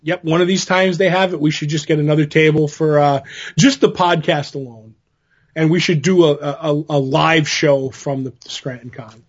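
A man's voice: on the high side, fairly even intonation, normal speed, dull audio. A man co-hosting a podcast in casual chat, rambling through stories with many fillers and restarts. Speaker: podcast co-host.

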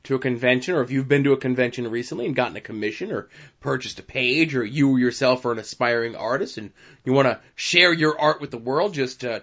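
A man's voice: medium pitch, fairly bright tone, muffled recording. A man hosting a podcast, making upbeat plugs and segment intros in casual chat. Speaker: podcast host.

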